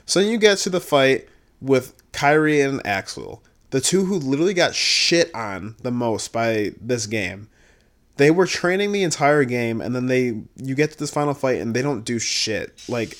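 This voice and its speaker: A man giving a casual, profane recap, blunt and exasperated, swinging between low muttering and loud outbursts. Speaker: video creator reviewing a game.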